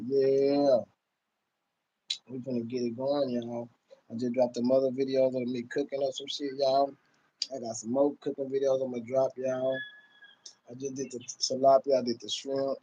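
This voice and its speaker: A man's voice: medium pitch, level tone, normal speed, sharp tone, husky, highs cut off. A man chatting loosely and calling out to his viewers on a home livestream. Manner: laid-back, loose talk, calls out to viewers constantly. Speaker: livestream host. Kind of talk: casual livestream chat.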